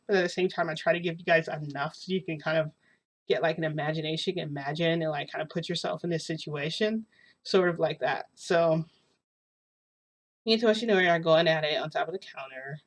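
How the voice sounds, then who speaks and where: A woman telling a casual story in a rambling, giggly way, full of fillers and restarts. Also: lowish voice.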